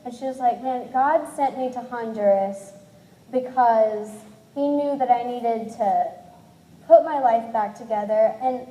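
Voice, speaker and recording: A woman's voice: a little high, mellow, echoey room, long reverb tail, a little hiss or hum, rough recording. A woman in her twenties from Cincinnati, candidly telling a personal story with self-deprecating humor and acting out what others said. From Cincinnati, USA. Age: 20s. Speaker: speaker sharing her testimony.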